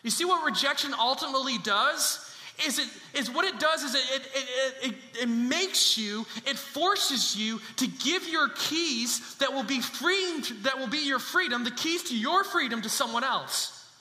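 A male pastor with a high, very bright and ringing voice preaches with emphatic conviction, often repeating his key lines. He is heard in a large church space, with strong echo and a long reverb tail. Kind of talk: sermon.

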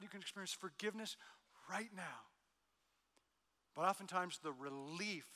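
A middle-aged male pastor preaching a sermon, telling a family story, with hushed lines and loud emphatic peaks. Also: sits high. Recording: long hall reverb.

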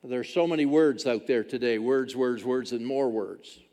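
A man's voice: mid-range voice, moderate pace, warm tone. A man, preaching a sermon as a pastor with emphatic, repeated phrases. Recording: long reverb of a large hall.

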